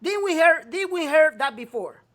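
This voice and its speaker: A man's voice: very high-pitched, expressive, moderate pace, fairly bright tone. A male talk show host delivering a profane, scolding rant, repeating himself to hammer his point home. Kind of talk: ranting talk show monologue.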